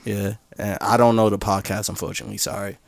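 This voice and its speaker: Gravelly man telling a story on a podcast. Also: on the low side, fast talker, no echo, clean studio sound. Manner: storytelling, animated, acts out dialogue. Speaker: podcast co-host. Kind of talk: casual podcast banter.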